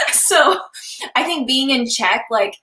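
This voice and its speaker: A young adult woman, a confidence coach, chatting as a guest on a live stream, animated and laughing often as she acts out little scenes. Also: sits high, slow pace, echoey room. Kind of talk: casual live-stream chat.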